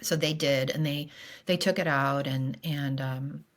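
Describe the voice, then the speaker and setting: A middle-aged woman talks candidly about grief as a podcast guest. Her voice sits a little low, and she speaks in halting bursts full of fillers and restarts. She sounds earnest and emotionally open. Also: fairly even intonation.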